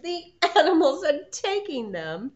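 A woman reads a picture book aloud to preschoolers, slow and expressive, her fairly high voice rising and falling widely. She pauses to ask the children questions. The recording is muffled and lo-fi. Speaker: preschool teacher. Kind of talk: storybook read-aloud for children. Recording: muffled lo-fi sound.

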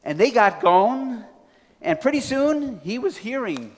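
A man's voice: very high-pitched, measured pace. A man preaching a sermon, telling a folksy story to a congregation. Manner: folksy, building to excited. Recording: reverberant hall.

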